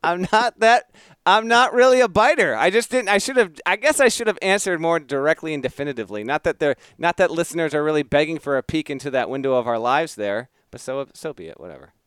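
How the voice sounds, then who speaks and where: A man's voice: on the high side, lively intonation, fast talker, few pauses, a bit bright, smooth, no echo, clean studio sound. A man co-hosting a casual sports podcast, trading wry jokes with his partner. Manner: wry, joking banter. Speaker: podcast co-host.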